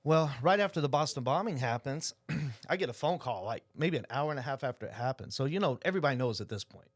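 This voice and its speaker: A fast-talking man from Oklahoma, mid-range in pitch with no echo, tells stories as a guest in a casual storytelling interview. He owns an insurance agency and animatedly acts out quoted dialogue.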